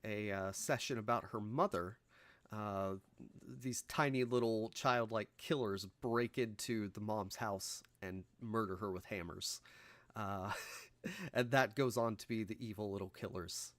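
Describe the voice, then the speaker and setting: A man with a lowish voice talks casually on a podcast, wandering through his points with fillers and self-corrections. His voice is recorded close and dry, with no room sound. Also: unhurried, a bit bright, no room sound. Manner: rambling with frequent fillers and restarts, laughs through his points. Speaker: podcast co-host. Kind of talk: casual film discussion.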